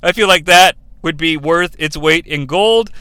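A man's voice: fairly high pitch, unhurried, pushed and bright, clear, resonant tone, dry recording. A man hosting a countdown show in casual commentary, enthusiastic and rambling into asides, often laughing as he talks.

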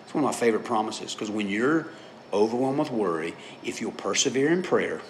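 A man's voice: fairly low pitch, animated, fairly quick, slight background noise. A middle-aged man preaching a sermon in a conversational, storytelling way, often checking in with his listeners. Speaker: pastor.

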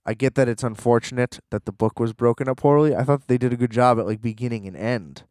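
A man's voice: mid-range voice, quick pace, darkish tone, dry recording, clean studio sound. A young man in a rambling, sarcastic casual rant, full of fillers and restarts.

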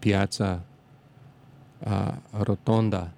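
Low gravelly man, halting and reverent. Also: steady tone, warm tone, a little hiss or hum. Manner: halting, many restarts and fillers, reverent. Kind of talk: casual reminiscing interview.

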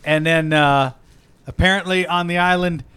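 A man co-hosting a podcast in loud, profane, casual comedic banter, laughing often. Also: on the high side, steady tone, moderate pace, clear, resonant tone. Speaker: podcast co-host.

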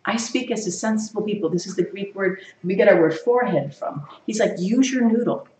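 A woman teaching a Bible study to a group, lively, quizzing her listeners and laughing often. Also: mid-range voice, a little fast, slight background noise. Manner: animated, asks the group questions and laughs often. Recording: echoey room, far from the mic.

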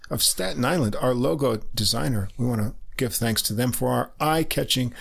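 A man's voice: medium pitch, normal speed, creaky, fairly bright tone, breathy edge. A man co-hosting a casual podcast, easygoing and full of "uh" fillers. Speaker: podcast co-host.

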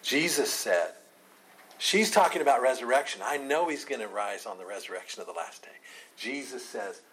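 A pastor leading a Bible study, talking earnestly, asking rhetorical questions and repeating key phrases. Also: male voice, medium pitch, expressive, normal speed, fairly bright tone, poor audio.

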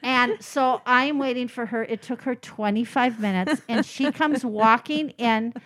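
Lively middle-aged woman telling stories. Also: a little high, unhurried. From Minneapolis area, United States. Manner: animated storyteller, laughs, blunt. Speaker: co-host, wardrobe consultant. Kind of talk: casual storytelling chat.

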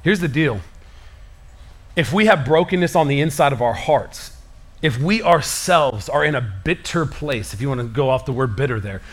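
Lively casual-talking preacher man. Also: medium pitch, moderate pace. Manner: animated, casual slang, conversational preaching. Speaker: pastor. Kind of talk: sermon.

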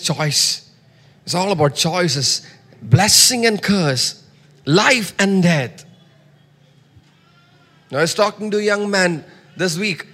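A man preaching a sermon, reading scripture loudly and dropping to soft asides. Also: high-pitched, big-room sound. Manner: emphatic, swings between soft asides and loud scripture reading.

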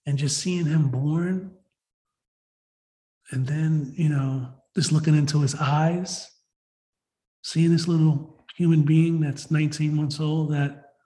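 A man tells his recovery story at a meeting. His voice sits a little high, and he talks in an emotional, rambling way, full of "you know" and "like." He speaks openly, as a personal testimony. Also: warm tone. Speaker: recovery meeting member sharing.

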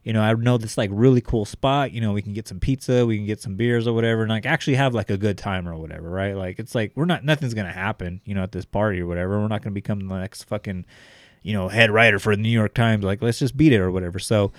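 A man's voice: on the low side, fast talker, no room sound, studio quality. A young man telling a story in casual chat, rambling with lots of fillers and swearing.

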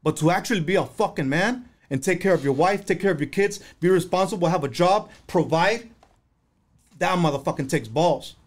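A middle-aged man speaks in a raised, high-set voice, telling his own story with rising passion. He talks in casual conversation and swears freely as he makes his points. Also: fairly quick. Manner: impassioned, profane storytelling.

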